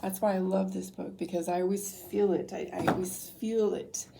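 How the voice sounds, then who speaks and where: A woman's voice: mid-range voice, steady tone, moderate pace, creaky, heavy background noise. A young woman doing a casual tarot reading and reading aloud from a book, often getting emotional, laughing and apologizing as she goes. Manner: emotional, laughs through tears, many apologies. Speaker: tarot reader.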